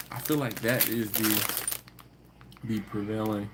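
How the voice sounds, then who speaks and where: A man's voice: lowish voice, slow, noisy background. A man hosting a live stream. He talks casually with viewers, tells stories, laughs often and acts out the people he quotes. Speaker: host of a live barbecue channel stream.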